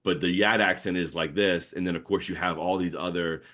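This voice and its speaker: A New Orleans man in his thirties with a Yat accent and a deep voice speaks briskly as a comics artist guest. He spins rambling, energetic stories in casual podcast conversation, filler words throughout.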